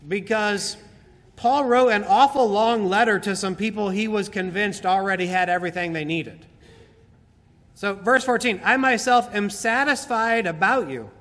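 A man preaching a sermon, slowly and emphatically explaining a Bible passage and repeating key phrases. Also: sits high, fairly bright tone. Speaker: pastor. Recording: hall reverb.

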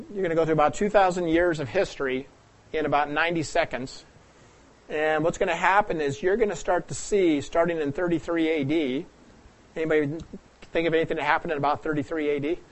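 Here a man from America's Pacific Northwest is preaching, talking through the message like a teacher, quizzing the audience, and repeatedly clearing his throat. His voice runs on the high side.

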